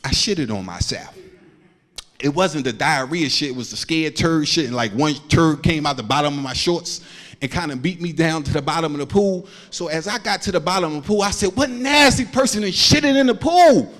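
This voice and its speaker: A man's voice: fairly high pitch, brisk, a bit bright. A man doing a stand-up comedy set, telling loose slangy stories and acting out the people in them. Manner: loose slangy storytelling, acts out quotes.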